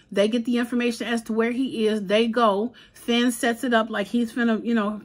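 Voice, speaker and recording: A woman recapping a crime drama episode in a chatty, animated way, slipping into the characters' quotes with casual slang. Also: fairly high pitch. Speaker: TV episode reviewer.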